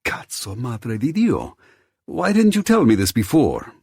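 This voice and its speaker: A man's voice: fairly low pitch, huge pitch swings, normal speed, gravelly, slightly rough, no echo, studio quality, pitched above the performer's own voice, full character voice. A male narrator voicing an agitated young man from a mafia family, exclaiming sharply in a raised voice. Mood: upset.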